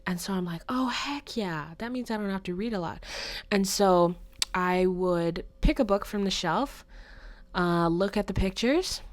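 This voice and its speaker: A young woman hosting her own podcast, chatting casually and acting out childhood moments with playful quotes. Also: fairly low pitch. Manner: chatty, animated retelling with playful acted-out quotes. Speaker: podcast host. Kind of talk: casual solo podcast storytelling.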